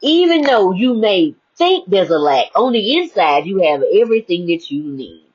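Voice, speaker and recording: A woman giving a lively spiritual motivational talk, swinging between hushed, reflective stretches and bright exclamations. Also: medium pitch, normal speed, breathy edge. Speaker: inspirational speaker. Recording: muffled lo-fi audio.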